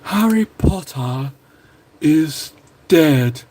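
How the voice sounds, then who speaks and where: A man hamming up a sinister dark wizard villain. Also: a little high, lively intonation, full character voice. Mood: gloating. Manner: drawn-out, theatrical incantation.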